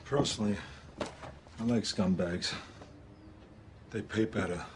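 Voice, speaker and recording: An actor playing a cynical, burnt-out former cop turned bodyguard, with a dry, world-weary delivery, in a noisy film clip. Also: male voice, lowish voice, slow. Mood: deadpan.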